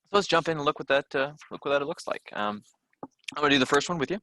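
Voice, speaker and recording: A man's voice: fairly high pitch, lively intonation, brisk, bright, forceful tone, a little hiss or hum. A man teaching a recorded test-prep lesson, talking through questions in a loose conversational way with frequent fillers and restarts.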